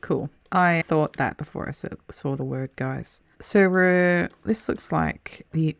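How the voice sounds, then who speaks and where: Low gravelly woman gaming. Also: slow, dry recording. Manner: thinks aloud, swears freely, mutters asides. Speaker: game streamer. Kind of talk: casual gameplay commentary.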